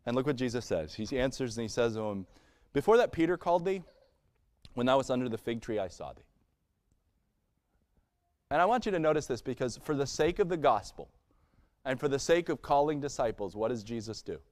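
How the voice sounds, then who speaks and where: A pastor preaching a sermon in a conversational style, acting out little scenes and laughing along the way. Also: male voice, mid-range voice, expressive, brisk, pauses often, darkish tone. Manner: conversational preaching with playful acted-out asides. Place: church sanctuary.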